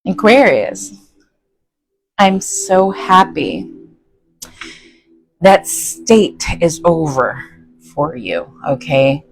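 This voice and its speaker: A woman's voice: sits low, big pitch swings, extremely slow, gravelly, long pauses, faint music behind, rough recording. A woman giving a chatty, folksy tarot reading to her viewers, often checking in with "okay?". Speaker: tarot reader.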